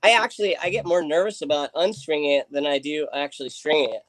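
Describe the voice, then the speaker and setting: A man talks casually, rambling and padding his sentences with fillers as he works on a bowstring. His voice sits a little high, and the sound is dry and close, with no room around it. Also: fast, a bit bright, dry recording, rough recording. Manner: chatty, rambling with many fillers. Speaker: livestream guest. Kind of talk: casual chat.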